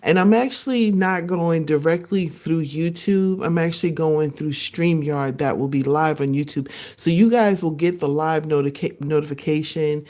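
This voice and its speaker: A woman hosting her own podcast, chatting casually and excitedly to live viewers, laughing often and acting out what others said. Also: low voice, normal speed, hardly any pauses. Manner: animated, laughing, acts out voices of others. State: excited and a little nervous. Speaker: podcast host. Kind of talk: casual solo livestream chat.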